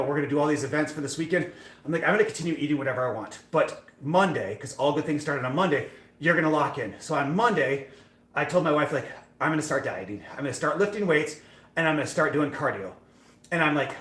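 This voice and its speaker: Fast-talking man in an echoey room. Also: fairly high pitch, fairly bright tone. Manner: rambling, self-deprecating storytelling with many fillers. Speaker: fitness streamer. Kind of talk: casual live-stream chat.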